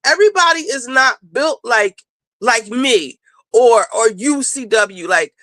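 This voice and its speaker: Female host, high voice, dry close sound, blunt and profane, casual commentary. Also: no echo, low-quality recording. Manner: blunt, profane, fast-talking, animated. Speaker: show host. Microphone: home streaming setup.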